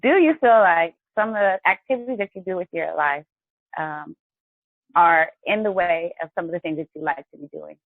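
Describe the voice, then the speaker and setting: A woman's voice: on the low side, moderate pace, dry recording, phone-quality sound. A woman hosting a live health and wellness show, chatty and encouraging as she talks to her viewers. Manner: chatty and encouraging, often addresses viewers as guys. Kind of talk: upbeat live-stream talk.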